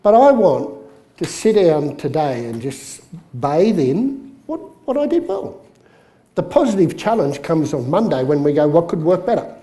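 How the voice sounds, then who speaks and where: A man's voice: fairly high pitch, big pitch swings, unhurried, dark tone. A man presenting a live workshop as a business coach, chatty and story-led. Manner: chatty, story-telling, with jokes.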